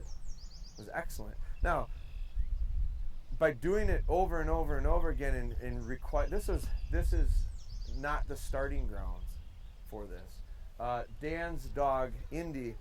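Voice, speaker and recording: A man's voice: mid-range voice, slight background noise, rough recording. A man teaching dog training in a folksy, hands-on way outdoors, sometimes acting out the commands he gives. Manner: folksy, demonstrating commands in varied tones. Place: outdoors in a field.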